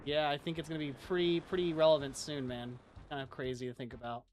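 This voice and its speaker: Talking fast in a fairly high pitch, a man rambles through animated stories during a casual livestream, filling his sentences with "like," while faint music plays behind.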